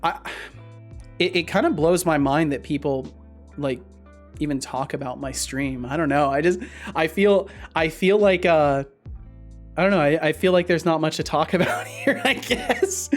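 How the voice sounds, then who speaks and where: Male streamer, casual chat, rambling and hesitant, excitable outbursts, faint music behind. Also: on the high side, moderate pace. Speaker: streamer and game developer.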